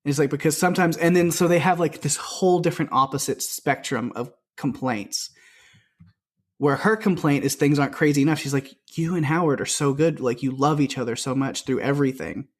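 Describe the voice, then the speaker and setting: A man's voice: fairly high pitch, brisk. Chatty man retelling film scenes. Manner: rambling, retells scenes with quoted lines. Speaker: podcast co-host. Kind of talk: casual film discussion.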